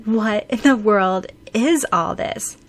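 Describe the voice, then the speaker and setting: A woman reading an audiobook, voicing a cheerful, curious young schoolgirl with eager, bright exclamations. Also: mid-range voice, slow pace, close to an everyday voice.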